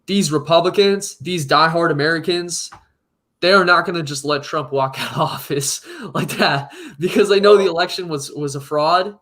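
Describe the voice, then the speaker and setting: A man from South Carolina talks on a remote call in casual conversation. He is animated and emphatic, laughing often, with a fairly high voice. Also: normal speed. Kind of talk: casual chat.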